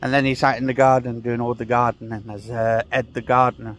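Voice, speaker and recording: A man's voice: mid-range voice, little pitch movement, fairly quick, a bit bright. A man rambling and ranting sarcastically while he walks outdoors, swearing and sighing as he talks. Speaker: vlogger. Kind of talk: casual ranting walking vlog. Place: outdoors on a walk.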